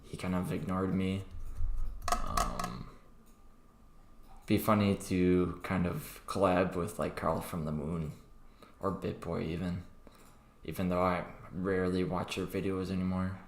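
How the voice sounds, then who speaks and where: A man's voice: deep voice, steady tone, measured pace, vocal fry, long pauses. A young man hosting a crypto trading livestream, chatting casually and rambling with many fillers and restarts. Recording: echoey room with faint background noise.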